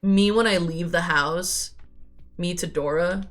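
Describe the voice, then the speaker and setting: A young woman streaming a game, chatting playfully and asking quick surprised questions as she reads along. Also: fairly low pitch, soft background music. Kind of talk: casual game commentary and reading dialogue aloud.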